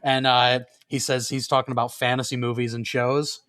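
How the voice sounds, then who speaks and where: A man's voice: mid-range voice, moderate pace, dry recording, studio quality. A man co-hosting a podcast, chatting casually and retelling stand-up bits with plenty of swearing. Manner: animated retelling of comedy bits, swears freely. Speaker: podcast co-host. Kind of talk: casual chat.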